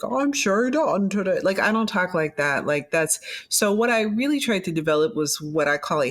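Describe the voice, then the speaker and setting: A middle-aged woman who used to be a news anchor speaks in a conversational interview, reflective and animated, frequently restarting her sentences. Her voice sits low.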